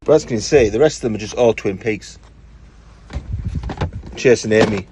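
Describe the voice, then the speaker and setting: A man's voice: on the low side, normal speed, very noisy. A British man rummaging through old tapes and magazines on a livestream, muttering and exclaiming to himself. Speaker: co-host showing his collection. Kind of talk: casual livestream chat.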